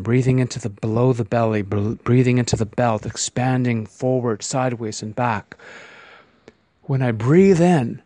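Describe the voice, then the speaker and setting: Gentle, rambling man, dry close sound. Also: mid-range voice, no echo. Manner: gentle, meandering, with restarts and repeated phrases. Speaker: podcast host. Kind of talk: casual spoken podcast monologue.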